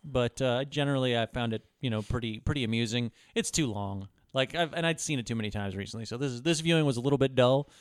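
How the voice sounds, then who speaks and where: A man co-hosting a casual movie podcast, dropping dry deadpan one-liners. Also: medium pitch, quick pace, hardly any pauses, clean tone, no echo. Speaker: podcast co-host. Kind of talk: casual film discussion.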